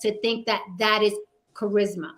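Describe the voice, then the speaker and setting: A woman hosting a heated panel discussion, emphatic and profane, sometimes mimicking men in a low mocking tone. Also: steady tone, normal speed, fairly bright tone. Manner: acts out men's voices in a low mocking tone. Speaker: panel host.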